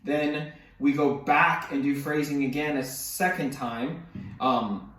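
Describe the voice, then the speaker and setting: A man's voice: on the high side, fairly even intonation, slow, very noisy. A male drum instructor talking casually through snare exercises. He counts beats aloud and often restarts himself or apologizes. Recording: very echoey room, mic at a distance.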